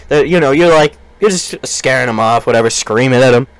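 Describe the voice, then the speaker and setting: A male streamer improvising a mock sales pitch, riffing quickly and laughing through it. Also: clear, resonant tone, no room sound.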